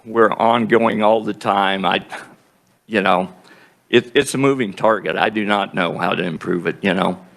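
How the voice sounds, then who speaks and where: A man testifying before a committee, halting and plain-spoken, clearing his throat often. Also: lowish voice, fairly bright tone. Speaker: groundwater district representative testifying.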